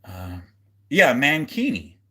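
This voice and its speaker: A man's voice: medium pitch, huge pitch swings, slow, bright, forceful tone, slightly rough. A man hosting a casual livestream, rambling with lots of fillers and restarts and a jokey, goofy manner. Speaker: livestream host.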